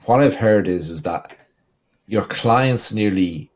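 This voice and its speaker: A man's voice: on the low side, animated, slow. A man with an Irish accent, co-hosting a casual business podcast and telling stories with lots of "you know". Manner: storytelling, leans on "you know". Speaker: podcast co-host.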